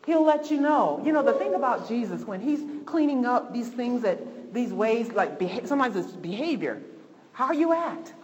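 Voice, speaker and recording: A higher-voiced woman teaching an informal church lesson, talking in loose, repeating phrases. Her voice rings with a long reverb in a church hall, with faint ambience under it. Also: normal speed, muffled recording, a little hiss or hum. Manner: conversational, repetitive, lively. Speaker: Bible study teacher.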